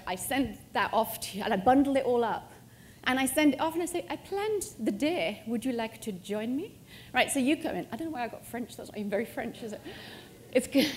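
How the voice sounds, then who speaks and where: A middle-aged woman presenting a live software demo at a conference, joking and self-mocking as she goes. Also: medium pitch, slight background noise. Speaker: conference speaker. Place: conference hall stage.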